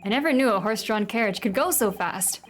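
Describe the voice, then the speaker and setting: A woman's voice: medium pitch, lively intonation, quick pace, a little hiss or hum, lightly acted. A woman voicing a nervous young male defense lawyer in her plain reading voice. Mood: uneasy.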